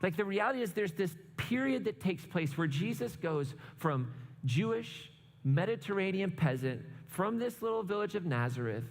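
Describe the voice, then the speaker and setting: A man's voice: sits high, very animated, moderate pace. A man preaching a conversational sermon in a church, chatty and joking, often checking in with the listeners with "right?". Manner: chatty, asks "right?" often, jokes asides. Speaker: pastor. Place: church sanctuary. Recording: long hall reverb.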